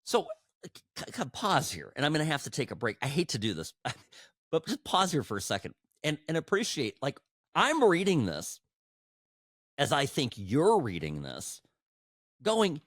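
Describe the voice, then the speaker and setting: A man hosting a political commentary podcast, talking in an animated, sarcastic way with frequent restarts, into a studio microphone. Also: a little high, measured pace, pauses often, dry recording. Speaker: podcast host.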